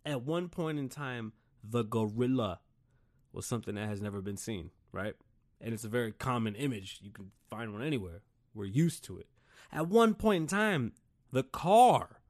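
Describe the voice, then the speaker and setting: A man hosting his own show, ranting casually in an animated, profane, rambling way. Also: on the low side, moderate pace. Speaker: show host.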